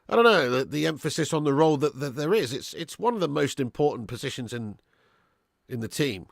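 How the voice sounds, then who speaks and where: A young man hosting a live football watch-along, chatting and thanking viewers by name, with sudden bursts of excitement when chances come. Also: medium pitch, vocal fry, dry recording, clean studio sound.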